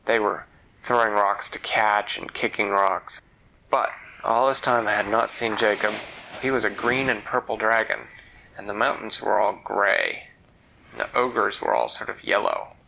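Man, storyteller, gravelly voice, bright tone, leisurely. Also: fairly low pitch, fairly even intonation, unhurried, low-quality recording. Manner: leisurely, repeats for effect. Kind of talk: oral storytelling.

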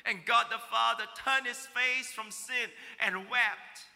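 A male pastor delivers an emotional sermon in a church auditorium, his bright, high voice ringing with long reverb. He speaks slowly, rising to loud cries and dropping to near whispers. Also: fairly even intonation, vocal fry. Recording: long reverb of a large hall.

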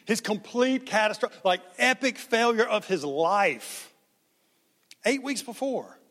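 A man's voice: high voice, slow, long reverb tail. A man giving a sermon as pastor, talking conversationally and acting out the people in the story. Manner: conversational, animated, acts out quotes.

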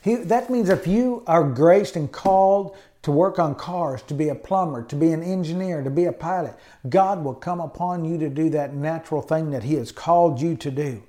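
A man's voice: fairly high pitch, moderate pace, hardly any pauses, warm tone. A man preaching a sermon in an emphatic style, often adding amens and hallelujahs. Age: adult with college degree. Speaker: pastor.

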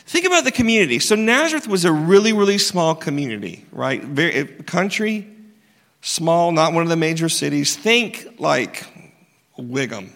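A pastor preaching in a big church hall, his slightly high voice catching into a gravelly fry. He keeps it conversational, teasing the congregation and asking them question after question, and the sound rings with a long hall echo. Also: big pitch swings, measured pace, fairly bright tone. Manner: conversational, joking with the congregation, many rhetorical questions. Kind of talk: sermon.

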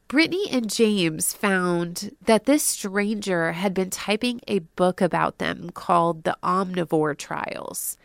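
A woman host narrating a true crime story from a script, adding personal asides and dropping to a hush at the dark moments. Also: lowish voice, vocal fry, no room sound, studio quality.

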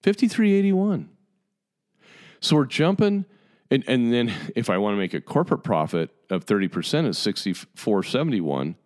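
A man in his fifties, a longtime dentist, delivers an impassioned, exasperated monologue to his colleagues in a lowish, very animated voice at a moderate pace. He's emphatic and keeps repeating and stressing his points.

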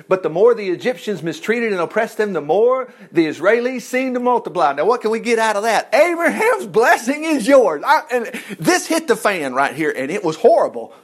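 Folksy man teaching scripture, rambling and joking, high voice that swings widely. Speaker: Bible teacher. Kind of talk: casual Bible teaching.

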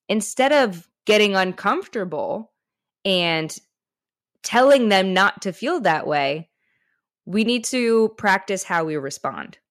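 A woman with a medium-pitched voice hosts a self-help podcast and is also an author. She talks candidly and encouragingly in a conversational style, recorded with clean studio quality and no room sound.

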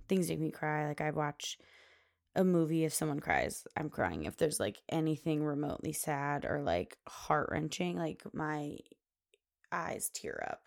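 A woman's voice: on the low side, creaky, a little mellow. A woman in her late twenties hosting a solo podcast about motherhood, talking in a chatty, rambling way full of "like" fillers. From Pacific Northwest US. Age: 20s. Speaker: podcast host. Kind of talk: casual solo podcast chat.

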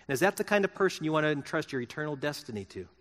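A man's voice: a little high, sing-song, rapid-fire, fairly bright tone, in a large hall. A middle-aged male pastor preaching a sermon in an earnest, conversational way, asking his listeners rhetorical questions.

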